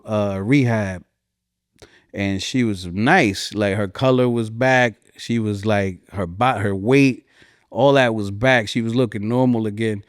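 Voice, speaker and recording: A man's voice: clear, resonant tone, no room sound, studio quality. A man in his forties from New Jersey with a New Jersey accent, a hip-hop artist talking in a heartfelt, rambling way as a podcast guest. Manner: heartfelt, rambling, voice rises high when recalling. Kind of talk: emotional interview talk.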